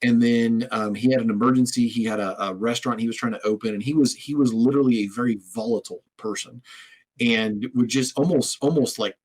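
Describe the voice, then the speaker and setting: Husky male podcast host telling stories. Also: medium pitch, fairly even intonation, fairly quick, low-quality recording. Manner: storytelling, frequent restarts and repeated words. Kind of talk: conversational interview.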